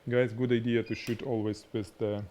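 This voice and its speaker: A man with a strong Russian accent whose first language is Russian, teaching product photography on a live stream in an animated, demonstrating way. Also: medium pitch, normal speed, a little hiss or hum. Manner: animated, explains by demonstrating, laughs at himself. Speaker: photography instructor.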